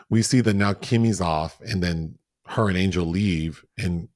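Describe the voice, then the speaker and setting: A man's voice: sits low, a little slow, no room sound, clean studio sound. A man co-hosting a podcast, recapping a TV drama in casual, profane chat and acting out the scenes with gusto. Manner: animated, profane, acts out scenes. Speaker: podcast co-host.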